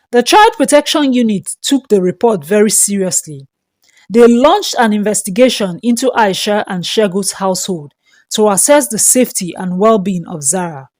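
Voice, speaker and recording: A woman, narrating a dramatic folktale in a steady, scripted storytelling manner. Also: medium pitch, no room sound.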